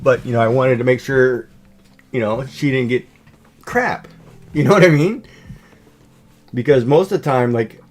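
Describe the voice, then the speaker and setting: With a medium-pitched voice, moderate pace, and long pauses, a middle-aged man hosts a livestream from home. His casual chat rambles, full of fillers and restarts.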